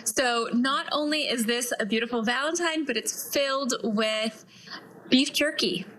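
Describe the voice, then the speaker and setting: A woman's voice: sits high, a little slow, fairly bright tone, a little hiss or hum, rough recording. A woman appearing as a TV guest and recommending products in a friendly, chatty way with some fillers.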